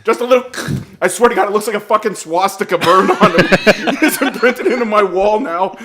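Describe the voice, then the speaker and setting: A man telling a comedic story, animated and profane, laughing as he goes. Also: sits high, brisk, crowd noise. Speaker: storyteller guest.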